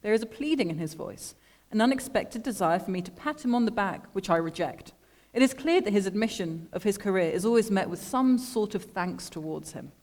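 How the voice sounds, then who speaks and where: Woman reading her prose, dry and measured. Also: mid-range voice, animated, darkish tone. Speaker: artist reading her own text. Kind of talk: literary reading to an audience. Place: lecture room at an art school. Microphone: microphone.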